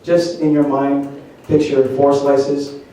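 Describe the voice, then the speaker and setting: Male cooking demonstrator, mellow and playful, quizzing the crowd, recorded from a distance in a very roomy hall. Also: mid-range voice, completely flat delivery, slow pace. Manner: chatty and joking, quizzing the audience. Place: large echoey church hall. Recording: very echoey hall, mic at a distance.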